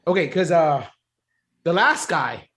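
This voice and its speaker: A man improvising a comedy scene as a store manager, talking in a halting way full of fillers. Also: fairly high pitch, sing-song, a bit bright. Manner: hesitant, filler-heavy boss talk.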